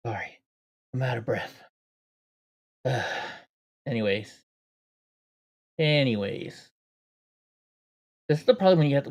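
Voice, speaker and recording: Rambling man chatting on a livestream. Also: a little high. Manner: chatty, talks to his dog and viewers. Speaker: livestream host. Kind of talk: rambling casual livestream chat.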